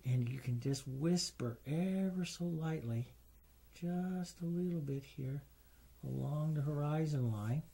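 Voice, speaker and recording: A middle-aged man giving a gentle, enthusiastic painting demonstration, often calling the work beautiful while showing each stroke. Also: a little high, slow, vocal fry, breathy edge. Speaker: painting instructor.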